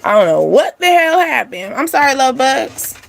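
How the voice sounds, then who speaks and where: A woman's voice: high voice, very animated, normal speed, vocal fry, faint music behind. A woman hosting a spiritual reading channel, talking casually and bluntly to her viewers with frequent asides. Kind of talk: casual tarot-style energy reading.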